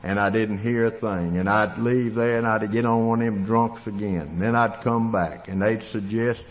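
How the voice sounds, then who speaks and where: A man's voice: lowish voice, fairly even intonation, normal speed. A man with a Tennessee Southern accent telling his recovery story in a plainspoken, folksy way. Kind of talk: storytelling testimony. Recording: dull lo-fi recording in a reverberant hall.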